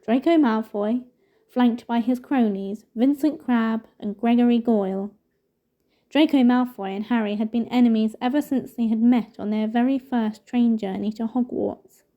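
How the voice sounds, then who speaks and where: A woman reading a novel aloud in steady, measured narration. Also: fairly high pitch, phone-quality sound. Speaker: storybook reader.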